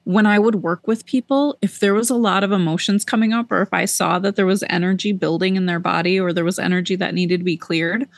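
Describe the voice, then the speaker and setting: A woman's voice: mid-range voice, fast talker, few pauses, no echo. Woman telling a story with dry sound. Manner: animated storyteller, repeats words for emphasis. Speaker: podcast co-host. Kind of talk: casual chat, personal storytelling.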